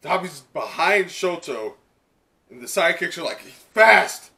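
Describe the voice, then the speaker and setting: Brief: male reaction host, rambling and excitable, with a bright, tense voice. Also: fairly high pitch, moderate pace. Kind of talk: live comic reaction.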